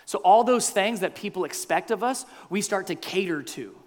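High-voiced pastor in a reverberant hall. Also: male voice, normal speed. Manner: animated, acts out crowd and Jesus in quoted voices. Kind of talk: sermon.

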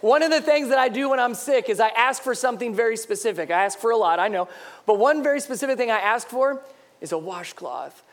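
A man's voice: very high-pitched, fairly quick. A man in his thirties, a pastor, preaching a sermon with humorous, self-mocking stories.

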